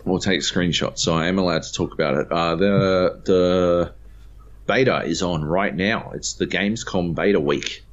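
A man's voice: low voice, normal speed. A man co-hosting a gaming podcast, telling a story with lots of swearing and acted-out voices. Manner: animated storyteller, swears freely, acts out voices. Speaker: podcast co-host. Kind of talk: casual chat. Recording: dull lo-fi podcast audio.

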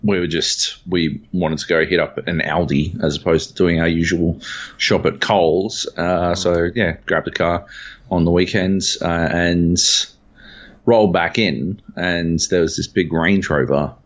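An Australian podcast co-host with a low voice and measured pace tells a story on dull-sounding audio. The chat is casual, and his animated storytelling is full of swearing.

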